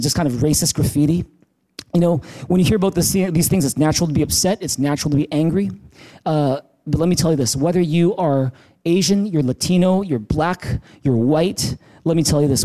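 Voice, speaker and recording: A male pastor preaching a sermon in a church, animated, often restarting words and asking the congregation questions. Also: fairly high pitch. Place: church in Vancouver.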